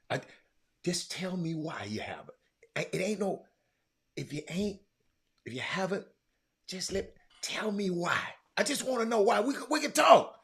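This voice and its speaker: A man hosting a livestream, stammering and repeating himself, muttering low one moment and shouting the next. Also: animated, normal speed, breathy edge. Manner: repetitive, stammering, talks straight to viewers; swings from quiet muttering to loud shouting. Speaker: livestream host. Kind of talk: casual livestream chat.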